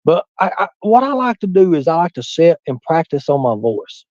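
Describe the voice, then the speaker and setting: A man's voice: fairly high pitch, sing-song, moderate pace, a little mellow, no echo, dull audio. A man with a Southern US hillbilly accent, rambling and swearing freely on a casual livestream while he reads chat aloud. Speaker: livestream host.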